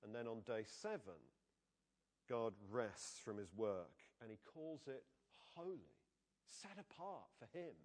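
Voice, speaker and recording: In a church, a man with a medium-pitched voice preaches at a measured pace. His sermon is conversational and animated, and he frequently poses questions to the congregation.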